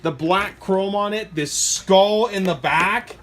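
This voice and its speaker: Excitable rambling man. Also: slow. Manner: excitable, rambling, jumps to high squeals when thrilled. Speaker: hobby shop owner reviewing RC trucks. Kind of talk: casual product review.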